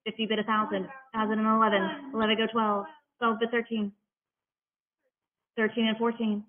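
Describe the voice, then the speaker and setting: An auctioneer calling bids at a live auction in a rapid-fire chant, mixing in playful patter between the numbers. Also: medium pitch, level tone. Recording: tinny phone-like audio.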